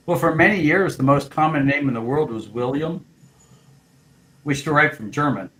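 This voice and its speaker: Man, fairly high voice, bright and forceful, chatty, trading facts. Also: moderate pace, rough recording. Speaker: chat participant. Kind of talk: casual group chat.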